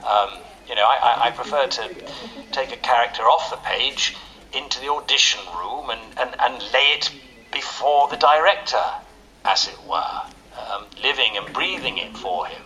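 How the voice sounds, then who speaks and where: A man's voice: mid-range voice, normal speed, bright, forceful tone, close to an everyday voice, poor audio. An actor playing an older male actor from London, earnest and hesitant, stammering through a radio comedy. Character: aging male actor, shy, old-fashioned, lonely. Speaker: aging actor at an audition.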